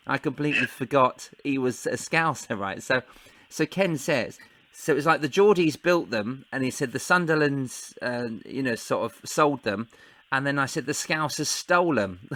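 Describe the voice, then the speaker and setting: A man's voice: medium pitch, moderate pace, a bit bright. Man, host of a chat show, eager and giggly, ordinary mid voice. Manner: enthusiastic, laughs often. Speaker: podcast host. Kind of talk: casual chat.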